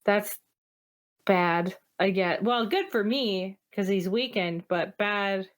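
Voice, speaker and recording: A woman playing a tabletop game, thinking aloud in a casual, slow, easygoing way. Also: mid-range voice. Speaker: player. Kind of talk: casual tabletop play chat.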